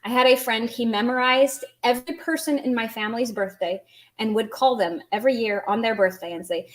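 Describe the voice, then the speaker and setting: Woman, language teacher, fairly high voice, patient and chatty, quizzes viewers as she explains. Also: a little mellow. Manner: patient, explains slowly, asks students questions. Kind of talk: online language lesson.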